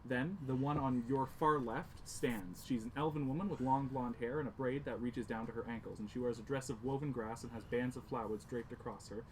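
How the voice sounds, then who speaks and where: A man runs a tabletop game, describing the scene in a loose, casual way. His voice sits in an ordinary mid range. Steady background noise runs behind him. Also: mid-range voice, brisk, few pauses, low-quality recording. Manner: casual, descriptive, many "like" fillers. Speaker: game master.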